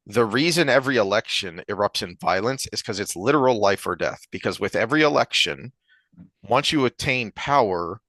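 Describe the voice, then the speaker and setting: Podcast co-host, man, low voice, dry sound, casual and animated. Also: no room sound. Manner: animated storyteller, acts out joke characters. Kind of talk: casual opinion talk.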